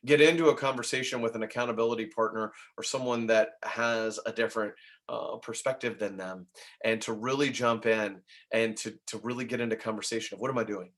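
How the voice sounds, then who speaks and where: A middle-aged man talks agents through sales tips in a casual coaching style. He is chatty and animated, and his voice sits at an ordinary middle pitch. He often jumps into little acted-out phone conversations. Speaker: real estate trainer.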